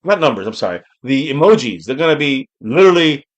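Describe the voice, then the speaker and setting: A man hosting a live football watch-party stream, reacting to plays with excitement and frequent swearing. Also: medium pitch, fast. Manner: excitable, swears freely, shouts on big plays.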